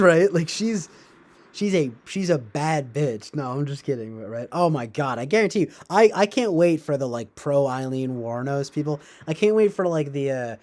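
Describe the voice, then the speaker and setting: A man's voice: fairly high pitch, darkish tone. A man streaming live, rambling casually with sarcastic asides and frequent laughter. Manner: sarcastic, laughs often, trails off. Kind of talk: casual rambling livestream chat.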